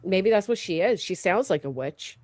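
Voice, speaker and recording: A woman's voice: mid-range voice, animated, normal speed, darkish tone, no echo. A woman co-hosting a casual gossip livestream, blunt and profane, reading viewer comments aloud. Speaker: livestream co-host.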